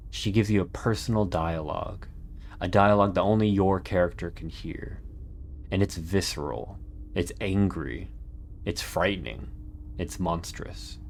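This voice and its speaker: A man narrating a scripted video essay in an earnest, measured way with dramatic pauses. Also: sits low, a little hiss or hum. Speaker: YouTube narrator.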